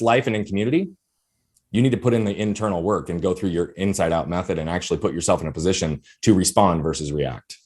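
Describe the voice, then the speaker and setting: A man's voice: lowish voice, a little mellow. A man speaking as a guest coach in a podcast interview, earnest and explaining in a coaching tone. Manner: earnest, fast-talking, coaching tone.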